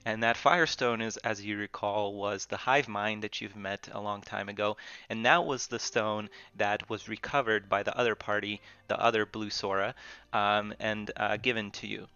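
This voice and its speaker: A man narrating as game master, halting and full of fillers as he describes the scene. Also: lowish voice, fairly even intonation, bright, forceful tone, clean tone, no echo. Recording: dull dry lo-fi recording.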